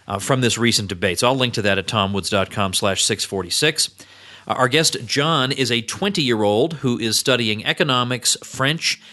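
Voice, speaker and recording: A man hosting a podcast interview, talking in an energetic, chatty way with quick asides. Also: fairly low pitch. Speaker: podcast host. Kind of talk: casual interview.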